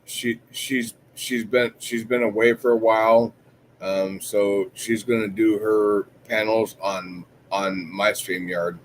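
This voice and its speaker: A man's voice: fairly low pitch, fairly even intonation, slow, slight background noise, low-quality recording. A man with a New York accent hosting a stream, chatting casually, stammering and swearing bluntly. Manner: rambling, stammering, blunt and profane. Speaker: stream host. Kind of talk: casual profane chat.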